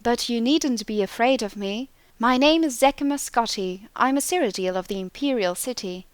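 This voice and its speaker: A woman's voice: on the high side, moderate pace, clean tone, no echo, voice pushed up, close to an everyday voice. A woman voicing a lost, courteous male clerk who speaks earnestly.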